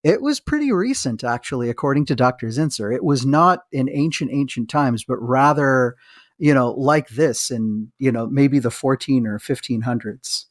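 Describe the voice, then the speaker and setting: A man co-hosting a podcast, talking eagerly and wandering off into asides. His voice sits at an ordinary middle pitch. The sound is close and dry, with no room echo. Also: animated, normal speed. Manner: enthusiastic, rambling with restarts and asides. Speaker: podcast co-host, physician. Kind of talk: casual chat with a read-aloud book passage.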